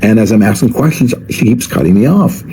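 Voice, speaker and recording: A man's voice: lowish voice, lively intonation, a little fast, dark tone, breathy edge, poor audio. A man vlogger telling a story in a casual, wry, chatty way.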